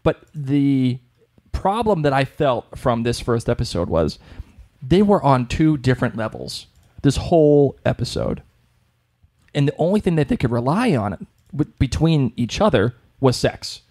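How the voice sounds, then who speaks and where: A young man with a Boston accent chats loosely as a podcast co-host, circling back and restarting his sentences. His voice sits at an ordinary, middle pitch. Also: sing-song, measured pace, darkish tone. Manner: chatty, rambling, with frequent restarts. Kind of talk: casual chat.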